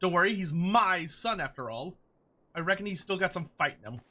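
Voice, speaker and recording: A man's voice: high-pitched, animated, brisk, sharp tone, exaggerated voice. A man voicing a brash middle-aged woman, a cook and healer mother who bosses others around. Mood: motherly. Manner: bossy, scolding.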